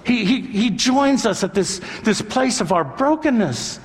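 A man's voice: high voice, animated, a little slow, a little hiss or hum. An older man preaching a sermon as a pastor, earnest and conversational, repeating phrases for emphasis. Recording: long hall reverb.

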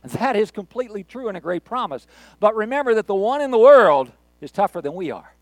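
A man's voice: high voice, sing-song, a little fast, dry recording. A man pastor preaching a sermon in a joking, self-mocking, conversational way.

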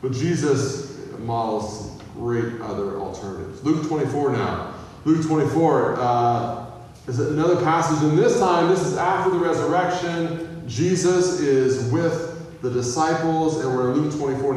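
Pastor preaching from far off, echoing hall. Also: male voice, mid-range voice, normal speed, darkish tone, a little hiss or hum. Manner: conversational, asks the audience questions. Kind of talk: sermon.

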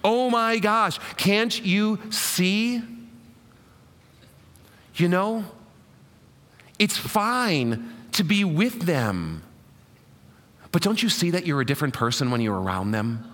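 Man putting on an exasperated mom, pleading, coaxing, high and swooping, long hall echo. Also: very animated, slow, pauses often, a bit bright, exaggerated voice. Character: exasperated pleading mother scolding her grown kids.

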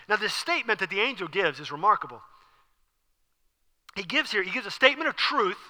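A male pastor preaching a sermon in an animated, conversational way, recorded in an echoey hall. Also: high-pitched, a little fast, pauses often.

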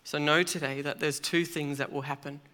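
Male preacher, fairly high, bright, earnest sermon delivery with weighty pauses. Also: fairly even intonation.

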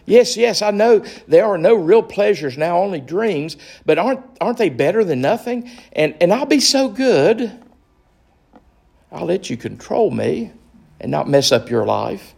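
A man voicing a wheedling male lizard that begs and stammers, in a gravelly voice. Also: sits high, big pitch swings, a little slow, a little mellow, voice pushed up, full character voice. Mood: pleading. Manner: whiny, begging, stammering.

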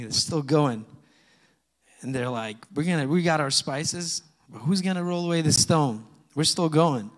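A man preaching a sermon, reading scripture loudly and dropping into soft, chatty asides to the congregation. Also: fairly high pitch, normal speed. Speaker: pastor. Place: church sanctuary. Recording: long hall reverb.

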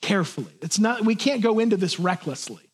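A man's voice: high voice, expressive, fairly quick, husky. A man preaching a sermon to his congregation in an earnest, plain way, sometimes acting out voices. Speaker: pastor.

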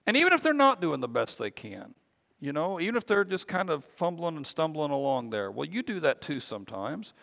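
A man's voice: fairly high pitch, very animated, brisk, gravelly, fairly bright tone. A man preaching a conversational sermon as pastor, often repeating words as he goes. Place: church sanctuary. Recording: long reverb of a church hall.

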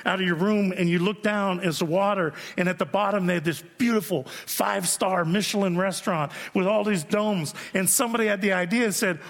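A man's voice: sits high, fairly quick, creaky, few pauses, a bit bright. A man preaching a sermon as pastor, telling stories in a conversational way and checking in with the congregation with frequent asides. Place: church sanctuary. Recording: long reverb of a large hall.

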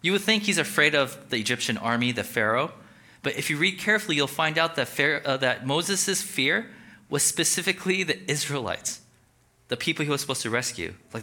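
A male pastor giving a conversational, animated sermon and asking the audience questions. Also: on the high side, normal speed.

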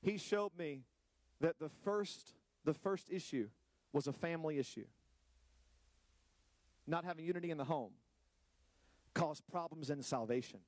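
Male pastor, high voice, dry sound; lively sermon with joking asides, stretches key words. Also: a little slow, long pauses, dry recording. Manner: animated preaching with playful asides to the congregation.

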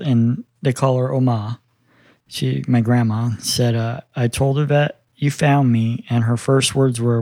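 A man in his fifties tells a personal story in a relaxed interview, speaking earnestly and voicing each side of the conversation. His voice sits in a middle pitch. The sound is dry and close, with no room echo. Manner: earnest, quotes dialogue as he tells it. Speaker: guest telling his story.

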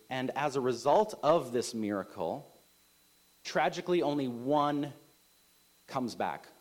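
A man in his thirties preaches his sermon to a congregation. He talks in an easy, conversational way, full of little asides and "right?". His voice sits at an ordinary middle pitch and lifts for emphasis. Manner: conversational, many filler likes and rights, rising emphasis. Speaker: pastor.

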